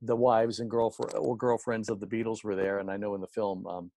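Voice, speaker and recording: A man's voice: on the low side, level tone, fairly quick, vocal fry, dark tone, no room sound. A man hosting an interview over a video call, asking long, enthusiastic, rambling questions. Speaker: show host.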